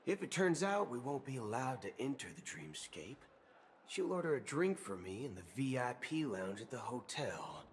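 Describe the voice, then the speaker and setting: Man voicing a raspy Texan cowboy gunslinger. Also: mid-range voice, big pitch swings, moderate pace, a little hiss or hum, natural voice. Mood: sly. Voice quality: raspy, gravelly. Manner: slangy drawl, swaps 'fork' for cusses. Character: brash cowboy gunslinger man, sounds about forty. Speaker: game character. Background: game music.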